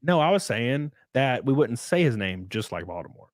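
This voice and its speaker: A man's voice: mid-range voice, big pitch swings, normal speed, no echo. A young man, a streamer and podcast host, chatting casually in a joking, teasing way. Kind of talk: casual chat.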